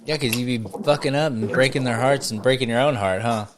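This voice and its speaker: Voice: medium pitch, a little fast, noisy background. A podcast host with a Southern US accent, teasing a co-host in casual, profane banter with plenty of laughter.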